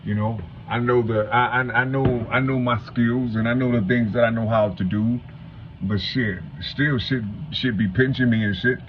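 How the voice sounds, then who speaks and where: A man's voice: fairly even intonation, moderate pace. Man in his 50s, stuttering, rambling vlog monologue, heavy swearing, dull lo-fi recording. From Cincinnati, Ohio. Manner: rambling, stuttering, repeats "you know what I'm saying"; salty street talk, heavy swearing. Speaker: vlogger. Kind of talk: casual monologue to viewers. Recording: dull low-fi home recording, faint hum.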